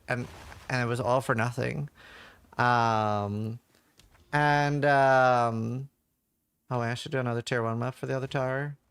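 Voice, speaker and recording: A man's voice: medium pitch, a bit bright, clean tone, no echo. A man streaming a game live, chatting casually and answering viewer questions with lots of fillers. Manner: chatty, reads chat questions aloud, rambling with fillers. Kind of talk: casual live-stream chat while gaming.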